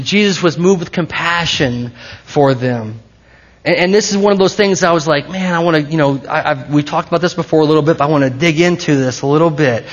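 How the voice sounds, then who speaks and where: A man's voice: a little high, dull audio. A man preaching a sermon in a conversational, playful way, often stopping and restarting his sentences. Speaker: pastor.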